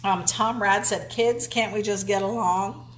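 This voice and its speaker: A woman's voice: mid-range voice, steady tone, a little slow, a little hiss or hum. A woman co-hosting a live stream, chatting casually and reading viewer comments aloud. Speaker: co-host reading live chat.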